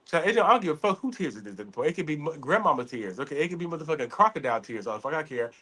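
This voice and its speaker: A man chatting casually as a podcast co-host, telling animated stories full of cursing. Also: on the high side, rapid-fire, husky. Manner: animated storytelling, heavy cursing. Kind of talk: casual chat.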